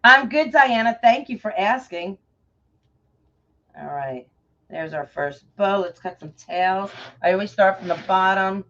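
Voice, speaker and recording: A middle-aged woman from New York with a New York accent, chatting warmly and effusively with viewers by name while crafting on a livestream. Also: mid-range voice, animated, measured pace. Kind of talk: casual livestream chat while crafting bows. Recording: dull lo-fi livestream audio.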